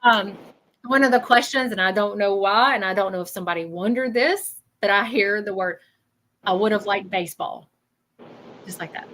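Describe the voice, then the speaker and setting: Bright-voiced woman giving a chatty reading. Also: mid-range voice, fairly quick, slight background noise, low-quality recording. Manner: chatty, keeps checking in with 'okay?'. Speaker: psychic medium. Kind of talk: live reading to a caller.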